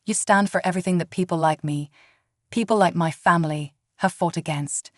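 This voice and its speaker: A woman's voice: on the low side, a little fast, dry recording, clean studio sound, natural voice. A woman narrator voicing a resentful woman flight attendant, speaking with hostility. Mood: hostile. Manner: tense, hostile.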